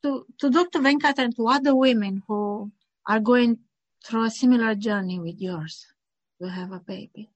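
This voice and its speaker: A woman's voice: fairly high pitch, normal speed, no echo, lo-fi sound. A woman interviewing a guest, moved and tearful.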